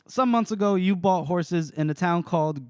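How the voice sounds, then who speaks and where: A man's voice: high voice, normal speed, smooth, no room sound, studio quality, lightly acted. A man voicing a pompous, self-important soldier of fortune, with grand, theatrical delivery, while recapping a novel on a podcast.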